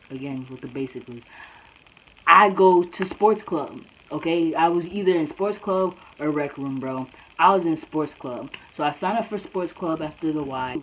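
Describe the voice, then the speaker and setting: A woman's voice: sits low, a little hiss or hum, poor audio. A young woman vlogger telling a story in a casual, slangy way, often saying "bro.". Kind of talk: storytime vlog.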